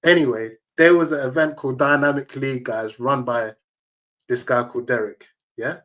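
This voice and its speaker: A man's voice: mid-range voice, fairly even intonation, normal speed, a bit bright. A man, a tournament organizer telling emphatic, slang-heavy stories as an interview guest. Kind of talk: casual interview storytelling.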